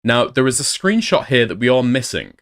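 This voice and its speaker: A man's voice: medium pitch, sing-song, a little fast, fairly bright tone. Sarcastic male commentator, blunt, reads messages aloud.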